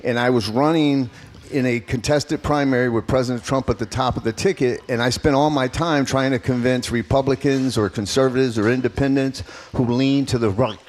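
A man in his fifties, an earnest and emphatic political candidate answering questions as a radio interview guest. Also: mid-range voice.

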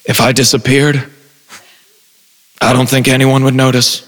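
A man telling a self-deprecating personal story on a live stage, animated, with stumbling restarts. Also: medium pitch, normal speed, in a large hall, noisy background. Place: live stage before an audience.

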